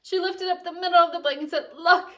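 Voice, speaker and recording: Young female teacher, lively read-aloud, lightly distant home recording. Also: extremely high pitch, rapid-fire. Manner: animated storytelling with expressive character voices. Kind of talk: reading a picture book aloud to children.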